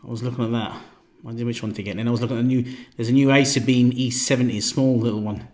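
A relaxed man in a mid-range voice chats outdoors while reviewing gear. He rambles, restarts his sentences and repeats himself. Now and then his voice drops to a quiet murmur. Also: mid-range voice, quick pace. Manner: relaxed, repeats himself, stumbles over words. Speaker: knife reviewer. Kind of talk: casual product review vlog.

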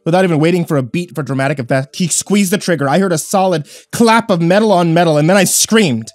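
A man's voice: on the high side, fast, no echo. A man narrating a first-person horror story in a tense, dramatic reading.

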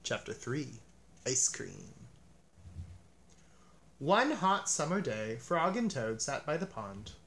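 A man reading a children's storybook aloud, gentle and expressive in his narration. His voice moves through a lively, varied range of pitch as he tells the story. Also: takes it slowly, vocal fry, long pauses, a little hiss or hum. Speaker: storybook reader.

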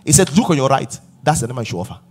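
A middle-aged man preaching a sermon as pastor, emphatic and rising to shouts. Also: medium pitch, sing-song, rapid-fire, breathy edge.

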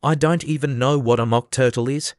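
Storybook girl, polite and a bit sharp, male narrator, dry close sound. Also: mid-range voice, steady tone, fairly quick, dry recording, natural voice. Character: curious, polite young girl Alice.

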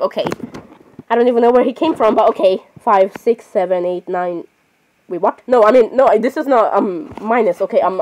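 A woman's voice: mid-range voice, a little mellow, a little hiss or hum. A woman giving casual gameplay commentary, chatting on and arguing with herself, often breaking off to apologize. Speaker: gaming channel host.

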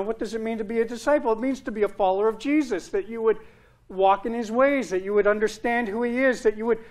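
Earnest male pastor preaching. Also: very high voice. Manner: earnest preaching, with emphatic repetition. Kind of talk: sermon.

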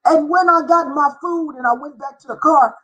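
A middle-aged woman, a former schoolteacher, telling a personal faith story with deep feeling and spelling out words for emphasis. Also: normal speed, bright, forceful tone, low-quality recording. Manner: emotional, spells out words, sings briefly. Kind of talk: personal testimony.

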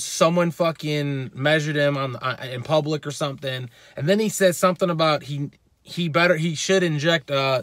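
Angry fitness guy ranting at the cam, swears a lot, high lively voice. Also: no room sound, clean studio sound. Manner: profane, heated, repetitive. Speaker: fitness channel host. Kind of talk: ranting vlog callout.

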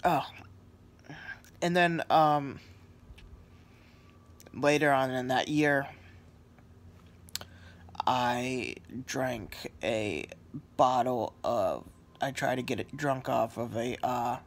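Sleepy man rambling slowly from his couch. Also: mid-range voice. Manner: rambling, halting, many fillers and apologies. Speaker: vlogger. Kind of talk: casual selfie vlog. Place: lying on a couch indoors at home.

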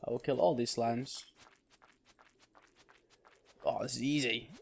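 Male gamer host, casual let's-play commentary, chatty, mid-pitched, thinks aloud as he plays. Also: fairly even intonation, slow pace, vocal fry, slight background noise. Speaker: gaming channel host.

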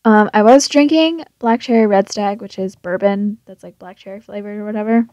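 A woman's voice: medium pitch, brisk, mellow, no echo, lo-fi sound. A tipsy young woman chatting and swearing through a let's play, talking back to the game's character. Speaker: gamer. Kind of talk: casual drunk let's play commentary.

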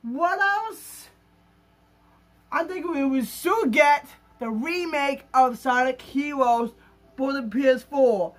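A male gaming YouTuber with a very high-pitched, slightly bright voice speaks slowly in an overexcited, gushing vlog style. He rambles and keeps restarting his sentences as he gets excited about games.

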